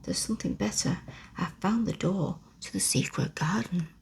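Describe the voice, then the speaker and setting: A woman whispering as sharp young girl Mary. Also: on the low side, lively intonation, normal speed, vocal fry. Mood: earnest. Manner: whispered snapping and scolding. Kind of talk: whispered role-play.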